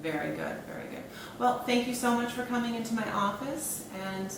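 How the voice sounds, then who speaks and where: A woman school counselor leading a role-play lesson for a child in her office, speaking in a calm, encouraging, praising way. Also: fairly high pitch, normal speed. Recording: echoey room with background noise.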